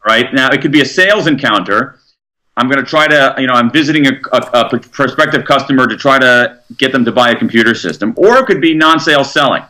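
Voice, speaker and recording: A man being interviewed as an author, explaining research in an animated way and acting out quotes. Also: mid-range voice, quick pace. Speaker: author guest.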